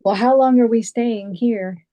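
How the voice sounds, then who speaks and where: A woman joining a casual livestream chat with relaxed, short replies and laughs. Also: fairly high pitch, a little slow, poor audio.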